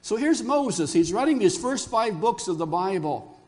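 Older male pastor, high voice, animated sermon storyteller who quizzes the congregation. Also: moderate pace.

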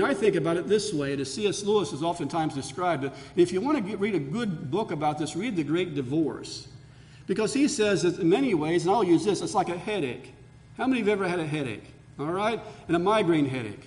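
An earnest male pastor preaches with a high voice that climbs for emphasis. His sermon rings out with long reverb in a church sanctuary. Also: darkish tone.

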